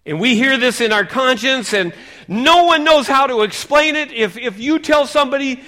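A middle-aged man preaching a sermon, reading scripture with emphasis and dropping to hushed asides. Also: very high-pitched, very animated, brisk. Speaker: pastor.

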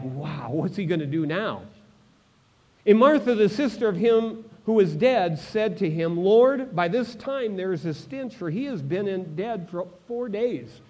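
A man preaching a sermon, swinging between loud proclamations and hushed moments, asking the congregation direct questions. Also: high voice, muffled recording. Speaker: pastor.

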